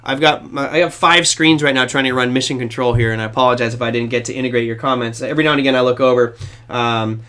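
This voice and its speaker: A man's voice: mid-range voice, fairly even intonation, fast, pushed and bright, clear, resonant tone. A man hosting a trading show, giving casual, rambling market commentary to his viewers with a self-deprecating touch.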